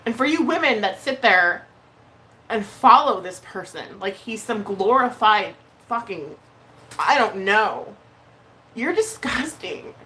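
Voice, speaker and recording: A woman vlogger chatting casually on a live stream, blunt and heated, swearing often and pausing on fillers. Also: medium pitch, animated, pushed and bright. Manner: emotional, hesitant with many fillers.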